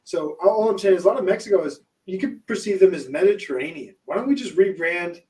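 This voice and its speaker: A man's voice: high voice, lively intonation, quick pace, darkish tone. A man co-hosting a casual podcast, musing in a laid-back way and often trailing off mid-thought. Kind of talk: casual chat. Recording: distant mic with faint noise.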